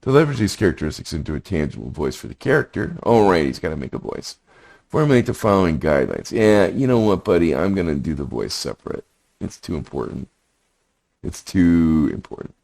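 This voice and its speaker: Deep gravelly man muttering through a demo. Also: sing-song, quick pace, darkish tone. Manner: muttering asides between read-out passages. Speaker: prompt engineering instructor. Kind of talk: screen walkthrough, reading text aloud and thinking aloud.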